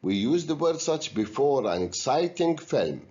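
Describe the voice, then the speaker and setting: A male English teacher in a recorded video lesson, speaking slowly and deliberately with a lively, rising-and-falling voice. The recording is a little muffled and lo-fi. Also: mid-range voice. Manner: slow, deliberate, guiding students step by step.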